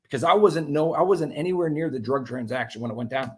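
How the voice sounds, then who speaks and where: A man telling his own story as an interview guest, animated and profane, with many restarts. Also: fairly high pitch, quick pace.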